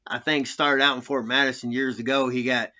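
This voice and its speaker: Man, ex-con storyteller, rambling and foul-mouthed, cutting bright voice, dull recording. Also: mid-range voice, level tone, a little fast. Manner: profane, laughing, rambling. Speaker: former prisoner telling stories. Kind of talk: casual storytelling.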